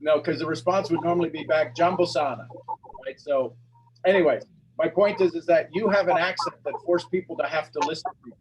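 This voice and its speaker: A man hosting a coaching call, talking in an energetic, encouraging way. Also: on the high side, a little fast, highs cut off, background noise. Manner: energetic, encouraging, talks to the audience directly. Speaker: coaching show host.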